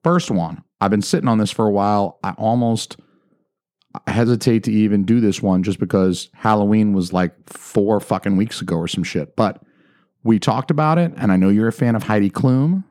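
Podcast co-host, male, brash and profane, low voice, dry close mic. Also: moderate pace, dry recording. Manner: loud, profane, joking. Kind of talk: casual chat.

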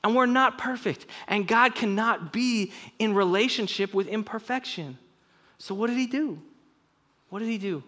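High-voiced young man preaching. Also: sharp tone. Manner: earnest, conversational preaching with quick asides. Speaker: pastor. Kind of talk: sermon.

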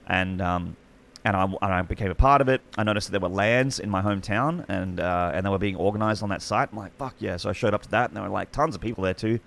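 A low-voiced Australian man in his thirties tells a long story in a relaxed podcast conversation. His voice has a gravelly fry, and he keeps restarting and trailing through his sentences. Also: fast talker. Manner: rambling, full of restarts and fillers. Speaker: esports commentator.

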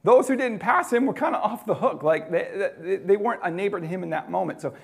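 A man preaching a sermon in a conversational way, swinging between loud emphatic lines and quiet, dropped ones. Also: sits high, fast, gravelly. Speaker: pastor.

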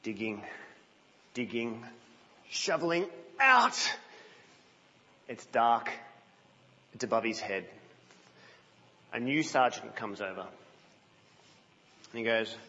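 A man preaching a sermon in a church, telling stories in an animated way and dropping to a hush. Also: mid-range voice, slow, pauses often. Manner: animated storytelling, drops to a hush. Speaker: guest preacher. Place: church, indoors. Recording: reverberant, muffled church hall.

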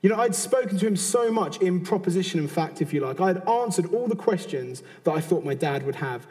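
An earnest man with a British accent gives a conversational sermon, doubling back on his words and adding asides. His voice sits fairly high and sounds mellow and soft-edged. Long reverb from a large hall trails behind him. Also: animated, a little fast. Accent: British English. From Britain. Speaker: preacher.

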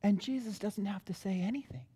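A man's voice: high voice, a little fast, warm tone, husky. A male preacher giving a sermon in a conversational, emphatic way, repeating his key points. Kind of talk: expository sermon. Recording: long reverb in a large hall.

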